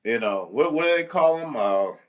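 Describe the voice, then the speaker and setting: Talking casually to camera, a substitute teacher spins a meandering, frustrated, comic tale sprinkled with light swearing. He has a mid-range male voice with lively intonation and speaks at a normal speed.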